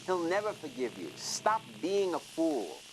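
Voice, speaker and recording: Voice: mid-range voice, huge pitch swings. A storyteller voicing an evil, lying male snake that hisses and coaxes, in a rhyming storybook, over music. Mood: coaxing. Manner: slow, coaxing, hissing. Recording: music playing under the reading.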